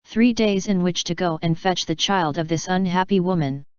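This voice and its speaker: Brief: woman reader playing a quiet, earnest ex-convict, low and smooth, dull-sounding. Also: normal speed, no room sound, natural voice. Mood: pleading. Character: humble older male ex-convict, pleading quietly.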